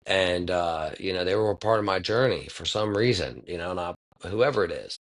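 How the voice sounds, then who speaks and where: A man's voice: deep voice, lively intonation, fairly quick. A man in his thirties hosting a podcast, talking in a rambling, laid-back way, reflective and full of profanity. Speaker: podcast host. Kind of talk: casual monologue.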